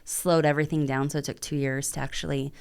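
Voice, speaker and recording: A woman in her forties joins a podcast as a guest, chatting casually with dry, wry asides. Her voice is low, with a gravelly fry. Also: level tone, fast talker, darkish tone. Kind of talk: casual chat.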